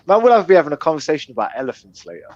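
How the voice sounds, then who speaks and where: A man's voice: fairly high pitch, very animated, very fast, darkish tone, dull audio. A man with an English Midlands accent, a podcast co-host in casual chat who is blunt and jokey and swears freely. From England, Midlands.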